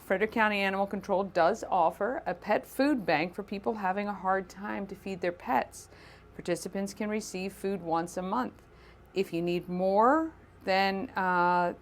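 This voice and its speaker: A woman hosting a local morning show, chatty and upbeat, laughing easily as she talks. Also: medium pitch.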